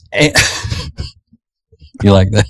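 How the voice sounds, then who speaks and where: A man's voice: extremely slow, a bit bright, dry recording. A male radio host in casual morning-show chat, joking about himself and chuckling often, on a studio microphone.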